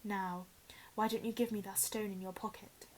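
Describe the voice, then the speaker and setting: A woman voicing an evil dark lord, a face on the back of a man's head, in a cold, hissing whisper. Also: medium pitch, fairly even intonation, normal speed, close to an everyday voice. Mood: menacing whisper.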